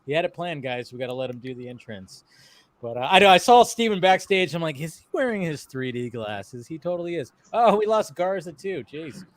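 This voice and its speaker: Laughing host with a lively, higher voice. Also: male voice, a little fast. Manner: laughing, joking banter. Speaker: stream host. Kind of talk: casual panel chat.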